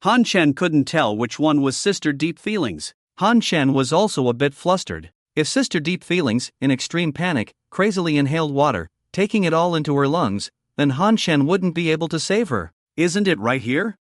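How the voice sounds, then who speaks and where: A man tells a comic story recap in a scripted, dramatic way. His voice sits a bit high and swings widely in pitch. The sound is close and dry, with no room echo. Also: sing-song, normal speed, hardly any pauses. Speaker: recap narrator.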